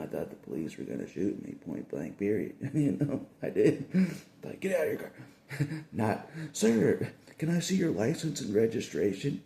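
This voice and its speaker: A deep-voiced man with a gravelly, mellow tone rambles through a casual monologue, chuckling between repeated phrases. His pitch swings widely as he talks. The recording is roomy, with a faint hiss behind him. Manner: laughs often, rambling and repetitive.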